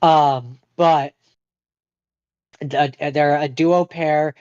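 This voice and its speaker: A man's voice: on the high side, fairly even intonation, very slow, darkish tone, clear, resonant tone, no echo, dull audio. A man from western Canada co-hosting a podcast, chatting casually with dry, wry asides. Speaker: podcast co-host.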